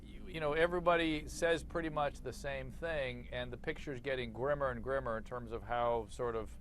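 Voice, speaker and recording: Male interview host, average pitch, faint background noise, searching questions. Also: fairly even intonation, normal speed.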